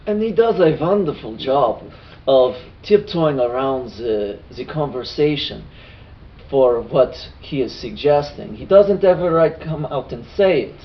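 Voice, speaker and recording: A man recapping a tabletop game session, giving unhurried, appreciative comments, in a distant, dull lo-fi recording. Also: medium pitch, lively intonation. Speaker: podcast co-host.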